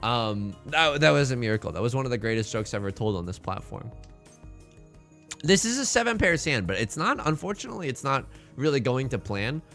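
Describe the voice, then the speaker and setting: A man streaming live and chatting casually with his viewers while he plays. He sounds slightly hoarse and is excitable and self-mocking. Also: mid-range voice, fairly quick, soft background music. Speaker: livestreamer.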